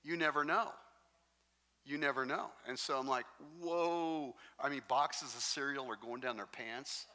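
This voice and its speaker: A male pastor delivers a sermon, spinning stories in an animated, jokey way. His voice is bright and forward, sitting at an average pitch for a man. The sound carries a long, lingering reverb from a large hall. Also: moderate pace. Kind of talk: sermon with storytelling.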